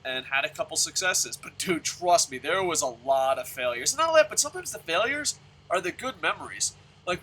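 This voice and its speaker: A man's voice: on the high side, bright, forceful tone, breathy edge. A man hosting his own channel, talking casually and rambling with frequent stammers and restarts. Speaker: channel host. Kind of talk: casual monologue.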